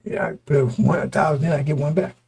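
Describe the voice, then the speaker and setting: A male preacher with a gravelly, raspy voice that is wearing hoarse. He talks in stop-start, repeating bursts and keeps throwing rhetorical questions at his congregation. His tone sits dark and mellow, on the high side for a man. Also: steady tone, a little fast. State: voice going hoarse. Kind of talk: street-style sermon to a congregation.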